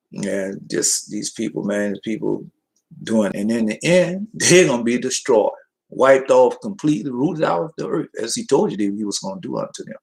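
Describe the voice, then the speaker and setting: Gravelly-voiced man preaching informally. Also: medium pitch, a little mellow, rough recording. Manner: rambling, folksy, talks to listeners directly.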